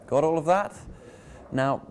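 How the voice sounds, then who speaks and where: A man teaching English pronunciation in a scripted lesson, playful and deliberate as he spells out words. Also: fairly high pitch, background noise.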